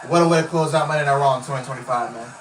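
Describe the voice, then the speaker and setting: A hoarse man whose voice is going out, reacting live and shouting out the action. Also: medium pitch, rapid-fire, far from the mic. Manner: shouts play-by-play, exclamations. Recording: roomy, off-mic, faint music.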